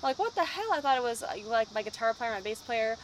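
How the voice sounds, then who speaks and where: A young woman chats in a casual interview, a band singer telling stories with lively acted-out quotes. Her voice sits a little high. Faint night noise and crickets hum behind her. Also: fast, poor audio. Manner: lively storyteller, acts out quotes. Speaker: band vocalist.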